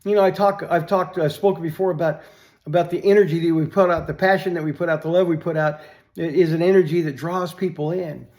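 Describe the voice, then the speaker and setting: Older guy, kinda high voice, chatty and rambling, tells a story then gets preachy about lifting folks up. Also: steady tone, quick pace, a little mellow. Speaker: vlogger telling a story. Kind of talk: casual storytelling with faith reflection.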